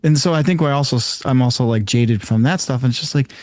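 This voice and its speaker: Male podcast co-host, mid-pitched and relaxed, dry studio sound. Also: fast talker, no room sound. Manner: laid-back, acts out little quoted exchanges. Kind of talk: casual chat.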